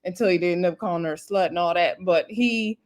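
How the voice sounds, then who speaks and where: A woman with a lowish voice talks fast as she hosts a casual, chatty recap of a reality TV episode. She keeps it laid-back, tossing in laughing asides and plenty of fillers.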